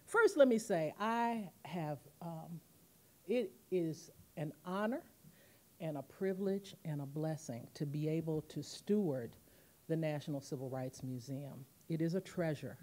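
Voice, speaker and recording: Speaking in a deep voice at a measured pace, a woman in her fifties addresses a university auditorium from a podium mic with a commemorative speech. She is the museum president, there as guest speaker, and she acts out quotes within animated stories.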